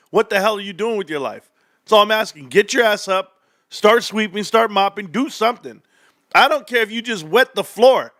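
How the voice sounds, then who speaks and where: A young man hosting a livestream, talking straight to his viewers in an animated, sarcastic rant. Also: sits high, no echo, studio quality. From California, United States. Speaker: livestream host. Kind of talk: casual stock-talk livestream rant.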